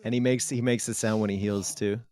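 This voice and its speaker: A man's voice: fairly low pitch, fairly even intonation, fairly quick, mellow. A man commentating on a strategy game match live, with playful, joking banter.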